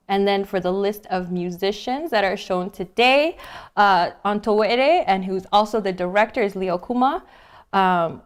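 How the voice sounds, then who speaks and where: A woman's voice: medium pitch, clean tone. A woman co-hosting a live stream, reading out group introductions with playful asides. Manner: laughs easily, playful asides. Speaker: livestream co-host.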